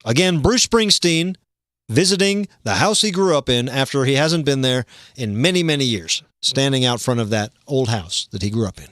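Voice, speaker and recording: A man hosting a livestream comedy show, rambling and deadpan, contradicting himself as he goes. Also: medium pitch, moderate pace, dry recording, studio quality.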